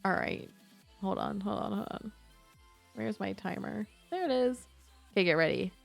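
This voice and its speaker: A woman's voice: mid-range voice, expressive, normal speed, vocal fry, faint music behind. A young woman streamer chatting casually to her live audience, giggling and answering chat as she plays. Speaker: Twitch streamer.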